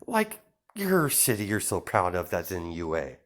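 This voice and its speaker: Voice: deep voice, huge pitch swings, unhurried, a bit bright, slight background noise, heavily acted. A reader voicing a smug young werewolf pack leader, a man, grandly courteous and theatrical, in an improvised fan story read-aloud. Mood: boastful.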